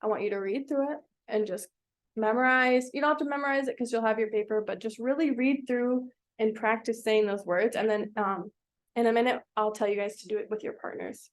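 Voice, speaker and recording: A woman's voice: fairly high pitch, fairly even intonation, brisk. A woman teaching a small reading group, patient and encouraging, asking the children many questions. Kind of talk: classroom instruction to children.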